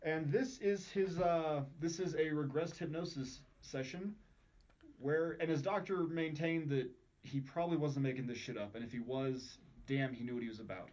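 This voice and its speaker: A man's voice: on the high side, normal speed, a little mellow. A man hosting a podcast, chatting casually with crude jokes, in muffled lo-fi audio. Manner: crude, joking banter. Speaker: podcast host.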